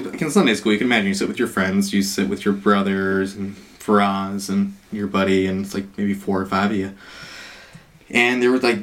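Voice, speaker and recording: A man's voice: lowish voice, a little hiss or hum. Guy casually telling a story, lots of likes and laughs. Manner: laughs often, many fillers.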